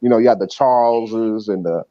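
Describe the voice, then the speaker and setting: Casual male co-host, mellow voice, acts out quotes in stories; slightly muffled audio. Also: fairly low pitch, moderate pace. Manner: animated storyteller, acts out others' lines. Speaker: former coach, podcast co-host. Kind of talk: casual chat.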